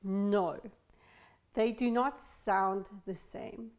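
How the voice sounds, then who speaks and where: Slow, careful woman teaching English. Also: mid-range voice, steady tone. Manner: slow, careful, stressing sounds clearly. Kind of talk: English lesson for learners.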